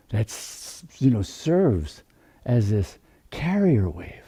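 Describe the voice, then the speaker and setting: Slow husky-voiced man teaching meditation. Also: mid-range voice. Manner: soft, unhurried, drawn-out phrasing. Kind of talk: slow spiritual talk.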